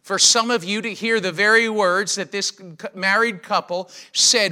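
A middle-aged male pastor delivers a sermon with emphatic conviction, often turning to rhetorical questions. His voice sits high for a man and cuts through with a bright, forceful edge. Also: fairly even intonation, normal speed.

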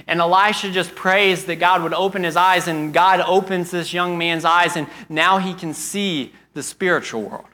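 Preacher man, sermon storyteller, slightly high and forceful. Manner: storytelling with repetition, earnest.

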